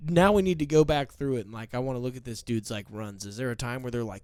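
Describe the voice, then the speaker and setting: A man's voice: medium pitch, quick pace, few pauses, darkish tone, clear, resonant tone, dry recording. A man co-hosting a casual podcast chat, joking and laughing often. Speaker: podcast co-host.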